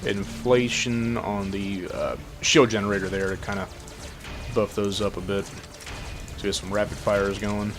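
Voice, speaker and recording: A man casually commenting on a game while he plays, matter-of-fact and relaxed. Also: fairly low pitch, unhurried, music in the background. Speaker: gameplay commentator.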